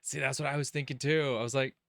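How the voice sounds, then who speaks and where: A man's voice: mid-range voice, flat delivery, fast talker, gravelly, a bit bright, dry recording, studio quality. A man hosting a let's play, reading visual novel text aloud and musing casually about the plot. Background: game music.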